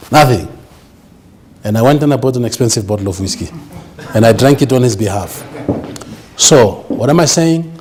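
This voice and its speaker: A man's voice: medium pitch, expressive, normal speed, long pauses, a little mellow, slightly rough. A man giving an emphatic business seminar lecture, often checking that the audience understands. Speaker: business speaker.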